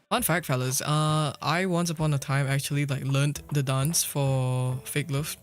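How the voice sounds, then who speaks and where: A man's voice: fairly high pitch, steady tone, measured pace, few pauses. A man chatting casually and playfully with his viewers while streaming a game, swearing lightly and laughing often. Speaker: livestreamer. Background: faint background music.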